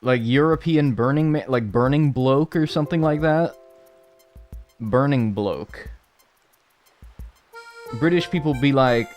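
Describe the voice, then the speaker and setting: A man's voice: mid-range voice, big pitch swings, a little slow, long pauses, darkish tone, faint music behind. A man in his twenties, a game streamer chatting casually with live viewers in a rambling, joking way. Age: 20s. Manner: rambling, joking, full of filler "like".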